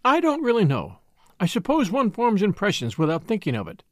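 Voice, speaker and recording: A man reading aloud, voicing a calm, sensible country woman who works as a paid companion and speaks in a polite, measured way. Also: high-pitched, dry recording, clean studio sound, pitched above the performer's own voice.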